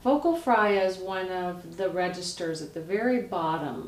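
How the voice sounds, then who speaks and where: Woman, vocal coach, lively instructive delivery, echoey room, mic set back. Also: lowish voice, normal speed, few pauses. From United States. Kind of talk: instructional explanation with voice demonstrations. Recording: roomy, distant mic, faint noise.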